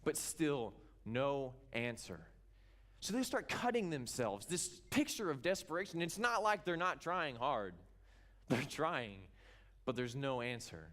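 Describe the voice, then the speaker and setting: A man from Kansas preaches to his congregation in an animated storytelling way. His voice sits at an ordinary middle pitch, and he acts out the people in the tale as he goes. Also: unhurried. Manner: animated storytelling, acting out the characters. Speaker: pastor. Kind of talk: sermon. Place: church.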